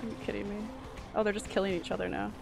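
A woman's voice: mid-range voice, level tone, very fast, vocal fry, over music. A woman streaming a game live, giving an anxious running commentary full of swearing.

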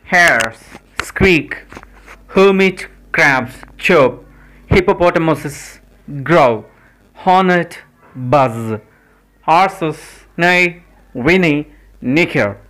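A man hosting his own channel, reading a list of animals and their sounds one by one, slowly and deliberately. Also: on the high side, expressive, fairly bright tone, rough recording. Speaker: channel host. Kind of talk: educational word list reading.

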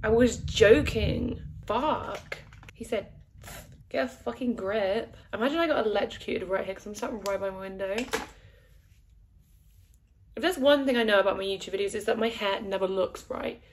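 A woman's voice: medium pitch, moderate pace, slight background noise. A young woman chatting through a makeup tutorial at home, swearing a lot and joking as she goes, recorded on her phone. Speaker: beauty vlogger. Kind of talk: casual makeup tutorial chat. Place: at home, sitting by a window. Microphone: phone camera with a mirror behind it.

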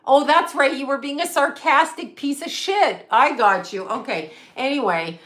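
A woman's voice: high voice, normal speed, fairly bright tone. A middle-aged woman, a psychic medium, ranting in casual livestream chat, swearing and laughing often. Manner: profane, ranting and laughing a lot.

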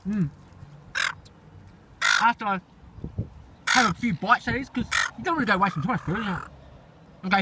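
Birds are audible in this noisy outdoor clip as a high-voiced man feeds them, narrating excitedly on camera. He keeps exclaiming and saying things over again.

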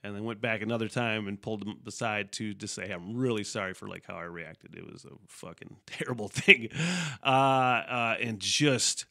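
A man's voice: on the low side, moderate pace, pushed and bright. A man hosting a casual solo podcast, rambling and swearing freely, often laughing mid-sentence. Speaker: podcast host.

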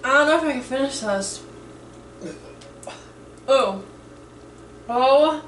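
Her voice sits high with lively intonation, a bit bright and slow-paced, as this woman of about thirty chats in a home-kitchen vlog. Nervous and profane, she leans heavily on "like." Echo from the room, a distant mic, and slight background noise color the audio.

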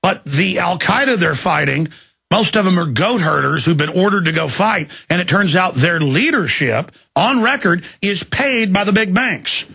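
A man in his thirties hosting a radio show, delivering an angry, shouting monologue in rapid tirades. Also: high voice, expressive. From Texas. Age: 30s. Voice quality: gravelly, raspy. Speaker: radio host. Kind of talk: ranting talk radio monologue.

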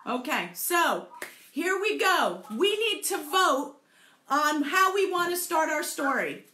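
A woman's voice: sits high, sing-song, slow pace, bright, forceful tone, reverberant, a little hiss or hum. A playful woman leading a live group storytelling session, encouraging her participants and joking about tongue twisters. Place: indoor room, also streamed to Facebook.

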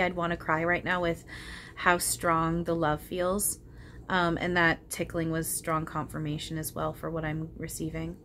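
A woman channeling spirits aloud in a soft, hesitant way, with frequent ums and casual swearing. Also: fairly low pitch, little pitch movement, moderate pace, a little hiss or hum.

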